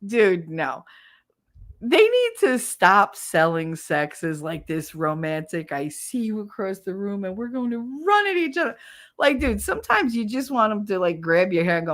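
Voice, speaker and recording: A woman's voice: mid-range voice, big pitch swings, normal speed. A middle-aged woman with a New Jersey accent, chatting casually on a livestream, laughing often and swearing freely. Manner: loud, laughing, profane storytelling. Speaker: livestream host.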